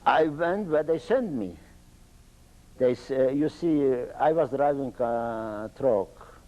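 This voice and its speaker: An older man from Poland with an Eastern Polish accent, telling his own life story in halting, broken English. He often stops and restarts his sentences. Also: mid-range voice, lo-fi sound. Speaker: interviewee. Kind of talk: oral history testimony.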